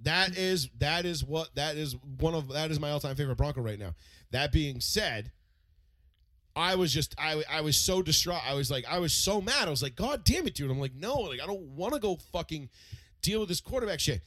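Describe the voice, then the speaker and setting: A man in casual sports chat, telling stories with animated swearing and many restarts. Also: fairly high pitch, brisk, no echo. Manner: animated, profane storytelling with lots of restarts.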